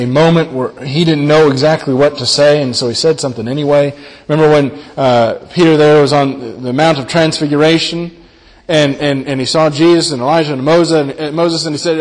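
A man preaching a sermon in an earnest, halting way, often repeating his words as he explains scripture. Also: on the high side, in a large hall, low-quality recording.

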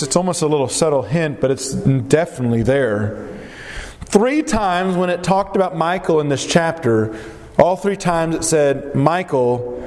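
A man's voice: medium pitch, darkish tone. A male preacher delivering a sermon, stretching out phrases for emphasis and asking his listeners rhetorical questions. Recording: long reverb of a hall.

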